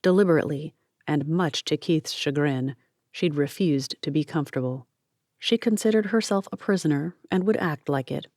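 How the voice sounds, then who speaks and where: Woman reading a novel out loud, low steady voice, dry close sound. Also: normal speed, no room sound. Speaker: audiobook narrator. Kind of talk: scripted narration.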